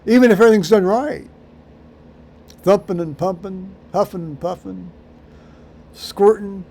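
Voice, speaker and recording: A man rambling through a solo vlog monologue, halting with many fillers and restarts, with dry dark humor. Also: sits high, steady tone, vocal fry, slight background noise. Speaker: vlogger.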